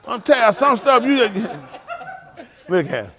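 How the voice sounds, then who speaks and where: A man's voice: very high-pitched, very animated, measured pace, long pauses, fairly bright tone. A man preaching an informal testimony to his congregation, emotional and conversational, often breaking into laughter and exclamations. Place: synagogue hall during livestream.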